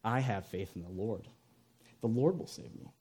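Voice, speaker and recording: A man putting on a stubborn stranded man who keeps refusing rescue with quiet, dead-set calm. The voice drops low and soft, and there's a mellow darkness to it. It still swings a lot in pitch from line to line. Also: moderate pace, breathy edge.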